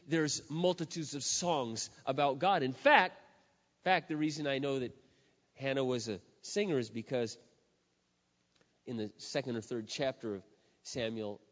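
A middle-aged man preaches a sermon from the pulpit. He leans hard on key words, then drops to a hush. His voice echoes through a large hall on a dull, lo-fi recording. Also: medium pitch. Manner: emphatic, drawn-out stresses, shifting from loud to hushed. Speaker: pastor.

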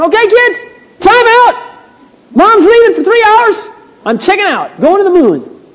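Man, pastor, high voice, storytelling sermon, old muffled tape, long hall echo. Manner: storytelling, acts out quotes in a high excited voice. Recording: dull 1980s church tape in a reverberant hall.

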